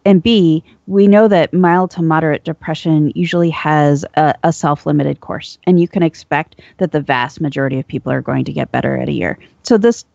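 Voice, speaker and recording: A panelist who presents medical study findings in a measured, explanatory way with an occasional dry laugh. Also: medium pitch, creaky, darkish tone, no echo. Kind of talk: casual panel discussion. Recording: dull lo-fi sound.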